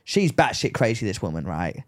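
A man's voice: fairly low pitch, very animated, normal speed. A man co-hosting a podcast, telling a rambling story in casual chat, full of likes and rights. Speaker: podcast co-host.

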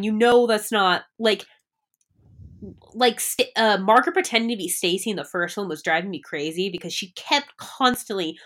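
A woman talks her way through a movie plot in a loose, rambling chat, circling back and restarting her sentences. Her voice sits a little high. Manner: rambling, animated, many fillers and restarts. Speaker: podcast co-host. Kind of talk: casual chat about a movie.

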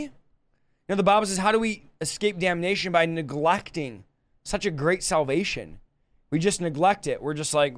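A man's voice: on the high side, normal speed, a bit bright. A middle-aged man preaching a sermon and praying, impassioned and pleading, often acting out both sides of a dialogue. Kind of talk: sermon with prayer.

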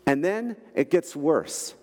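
A man preaching to a congregation, his fairly high voice carrying through the long reverb of a large hall. He tells stories with emphatic energy, often tripping over and repeating words as he pushes ahead. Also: slow. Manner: storytelling, emphatic, repeats words when excited. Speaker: guest speaker. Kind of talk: sermon.

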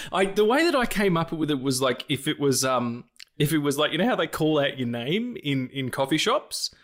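A man's voice: on the high side, sing-song, moderate pace, a bit bright. A man in his late thirties co-hosting a podcast, chatting loosely with swearing, laughs and restarts. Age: late 30s. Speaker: podcast co-host. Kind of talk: casual chat.

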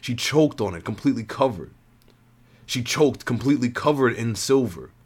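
A man's voice: medium pitch, lively intonation, moderate pace, slightly rough. A man reading a first-person story in an earnest voice, often stopping to restart and reread lines.

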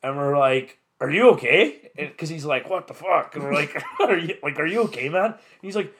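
A man's voice: on the high side, expressive, a little fast, fairly bright tone. A man casually telling a rowdy campground story on a podcast, swearing constantly and acting out what everyone said with bursts of laughter. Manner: laid-back, swears constantly, acts out quotes with laughter.

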